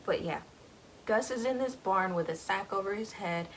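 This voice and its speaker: A woman's voice: mid-range voice, moderate pace, a bit bright, slight background noise, low-quality recording. A woman casually recapping a book, rambling, with lots of filler words.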